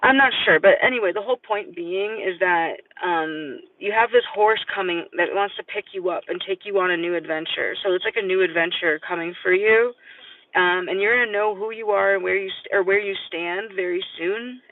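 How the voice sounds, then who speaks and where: A man's voice: high voice, moderate pace, no echo. A man giving a live-stream tarot reading, rambling and hesitant with many fillers. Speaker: tarot reader. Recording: distant, tinny phone-like sound.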